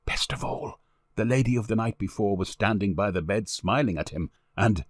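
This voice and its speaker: A man narrating an old storybook in an expressive, lively way. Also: on the low side, normal speed, dry recording, clean studio sound. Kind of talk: storybook reading.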